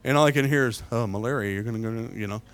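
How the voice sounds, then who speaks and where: A man's voice: mid-range voice, fast, smooth. Storytelling evangelist man preaching over faint music. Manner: storytelling preacher, swings from loud to hushed; repeats words and restarts often. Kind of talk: sermon.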